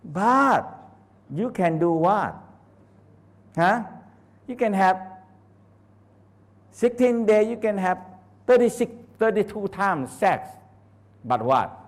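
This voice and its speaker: A man teaching a live workshop in non-native English, animated, laughing often and firing questions at the audience. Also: sits high, slow pace, long pauses. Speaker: Taoist teacher. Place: training center hall.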